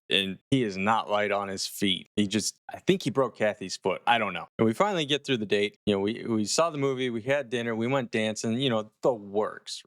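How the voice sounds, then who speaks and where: Man, casual horror reviewer, animated and profane, dry close recording. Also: mid-range voice, clean tone, no echo.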